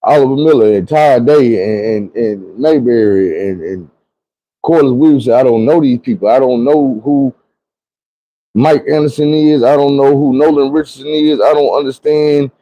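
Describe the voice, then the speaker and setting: Dark-voiced man telling a story. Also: medium pitch, moderate pace, poor audio. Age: 40s. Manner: conversational, emphatic, repeats "you know what I'm saying". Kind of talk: personal storytime monologue.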